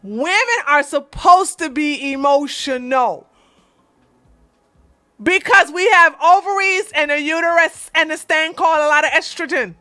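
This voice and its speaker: A woman's voice: sits high, unhurried, sharp tone, dry recording. A woman hosting an advice channel, telling a story to her viewers bluntly and animatedly, repeating herself for emphasis. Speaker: relationship advice channel host.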